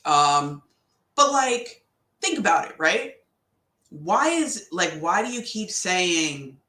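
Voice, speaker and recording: Slangy woman motivational podcaster, animated delivery, roomy echo. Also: fairly low pitch, takes it slowly. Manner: animated, chatty, slangy, laughs often. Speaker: podcast host. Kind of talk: casual motivational talk.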